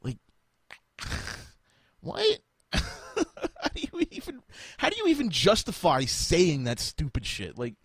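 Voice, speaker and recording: A man's voice: high voice, huge pitch swings, takes it slowly, pauses often, husky, dry recording. A man hosting a podcast, talking in a profane, exasperated rant. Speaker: podcast host. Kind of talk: casual podcast chat.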